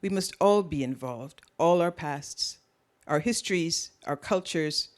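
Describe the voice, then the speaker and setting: A woman from Jamaica with a Caribbean accent softened by years in Canada, giving a prepared lecture at a public event in a measured, deliberate way. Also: low-pitched. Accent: Caribbean, tempered by years in Canada. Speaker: author giving a keynote talk.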